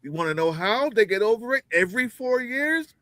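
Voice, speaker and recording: A man's voice: high-pitched, animated, a little fast, sharp tone, no echo, rough recording. A man on a video call giving heated political commentary, fiery, profane and mocking, full of rhetorical questions.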